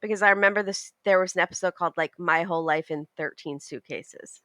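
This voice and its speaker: A woman's voice: on the low side, fast, sharp tone, dry recording, studio quality. A woman guest on a podcast, chatting about reality TV with wry jokes. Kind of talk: casual chat about TV.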